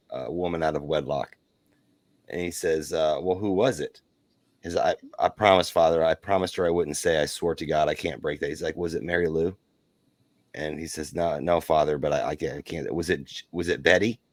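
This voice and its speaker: A man's voice: low voice, no room sound. A man on a podcast, talking emphatically and giving firm opinions in casual chat.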